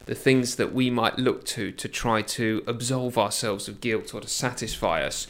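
A man's voice: mid-range voice, moderate pace, a bit bright. A man talks his way through an old book on a podcast, now and then reading a passage aloud. He keeps checking in with his co-hosts through tag questions and easy fillers. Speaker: podcast co-host. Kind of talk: casual discussion of a classic book.

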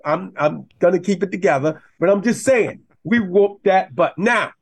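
A man, a former college running back, talking football as a guest in a passionate, animated way that rises when he gets riled up. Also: sits high, moderate pace, creaky, breathy edge. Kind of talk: casual sports talk.

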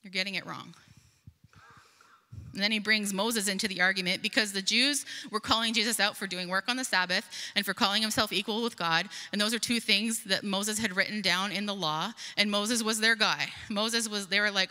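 A woman's voice: mid-range voice, moderate pace, pushed and bright. A woman preaching a sermon, earnest and emphatic, reading scripture aloud and explaining it. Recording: long hall reverb.

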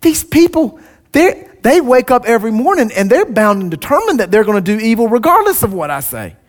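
A man's voice: very high-pitched, very animated, brisk. A man voicing a whiny, excuse-making male Bible leader, pleading and self-pitying.

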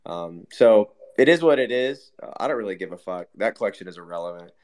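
A man's voice: on the low side, expressive, brisk, a little mellow. Blunt, foul-mouthed man arguing. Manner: blunt, swears a lot, argumentative. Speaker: panelist on a crypto talk space. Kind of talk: casual chat.

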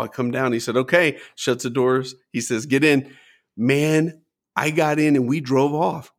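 A middle-aged man telling a story in casual chat, acting out the people he quotes with big jumps in pitch. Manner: animated, acts out quotes with lively pitch jumps. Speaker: guest storyteller.

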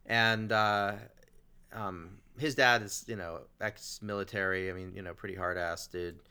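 A man's voice: fairly low pitch, fairly even intonation, measured pace, sharp tone, smooth. A man telling a long story in casual chat, rambling along with fillers and restarts.

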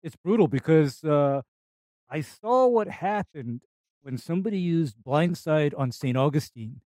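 A man's voice: on the high side, expressive, unhurried, dark tone, no room sound. A male co-host on a call-in show, talking in an emphatic, chatty way. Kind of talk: casual call-in show chat.

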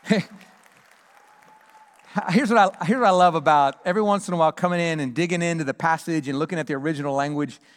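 A man preaching a sermon as pastor, emphatic, moving between hushed and loud delivery. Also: fairly high pitch, fast talker, pauses often, some chatter behind. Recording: long hall reverb.

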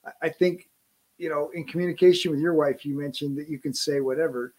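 A man's voice: fairly high pitch, fairly even intonation, quick pace, a little mellow. A middle-aged man hosting a podcast, talking earnestly in casual conversation and often restarting his phrases. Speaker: podcast host.

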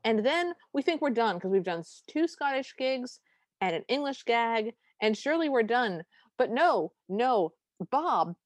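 A woman's voice: high-pitched, animated, unhurried, no room sound. Wry, dry-sounding woman podcast host. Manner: wry, exasperated storytelling. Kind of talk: casual chat recapping a film.

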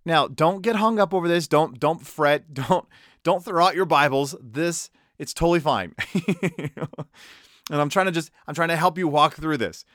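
Male pastor, sermon delivery, slightly high voice, dry close sound, animated pacing. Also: moderate pace, dry recording. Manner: animated, shifting pace and loudness, laughs lightly between points.

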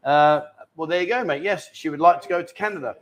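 Male live-stream host, chatty joker, slightly higher voice, bar setting. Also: fast talker. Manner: chatty and jokey, reads out viewer questions. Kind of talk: casual live-stream chat. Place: indoor bar.

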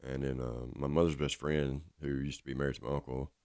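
A man's voice: very deep voice, flat delivery, fairly quick, a little mellow, no room sound, clean studio sound. A man telling his own story in a rambling, casual way, full of fillers. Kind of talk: personal storytelling.

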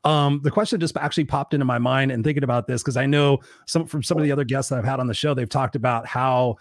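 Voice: medium pitch, steady tone, quick pace, no echo, studio quality. A podcast host interviewing a guest, thinking aloud in long rambling questions with restarts. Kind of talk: casual interview.

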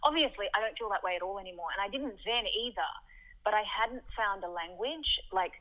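A woman's voice: mid-range voice, fairly quick, low-quality recording. A woman from Yugoslavia speaking candidly as an interview guest, talking animatedly with lots of "like". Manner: animated, frequent "like", shifts into quoted voices. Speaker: podcast guest.

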